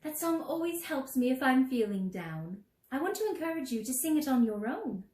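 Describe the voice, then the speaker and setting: A woman leading a children's sing-along, gently encouraging, singing show tunes and teaching yodels. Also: high voice, big pitch swings, moderate pace, roomy sound.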